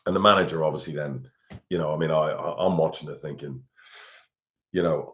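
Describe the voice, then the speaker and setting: A man's voice: very deep voice, a little fast, long pauses. A middle-aged Irish man, a football club chairman, talking candidly on a podcast, blunt and swearing freely. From Ireland. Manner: blunt, swears freely, repeats words when worked up.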